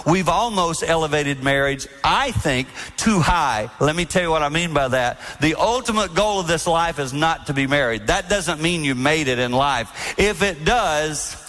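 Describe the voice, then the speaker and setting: A man giving a sermon-style talk on marriage to an audience, earnest and storytelling, sometimes acting out soft-spoken quotes. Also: fairly high pitch. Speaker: speaker on marriage.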